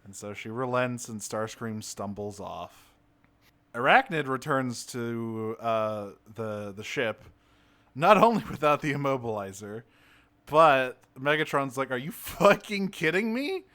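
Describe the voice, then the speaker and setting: A man's voice: mid-range voice, a little slow. A man co-hosting a podcast, chatting casually about a cartoon episode and acting out the characters' lines. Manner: animated, acts out character lines. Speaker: podcast co-host. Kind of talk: casual chat recapping a cartoon.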